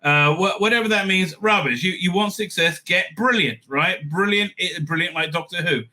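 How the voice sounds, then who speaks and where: A man's voice: sits high, moderate pace. A man hosting a review show, giving opinionated commentary full of fillers, restarts and sarcastic asides. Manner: animated, many fillers and restarts.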